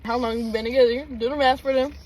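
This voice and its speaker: Teen girl gabbing thru a mukbang, kinda high voice, light room hiss. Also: fairly even intonation, fast talker, darkish tone, low-quality recording. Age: teens. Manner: chatty, laughing, swears casually. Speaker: YouTube host. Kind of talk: casual mukbang chat.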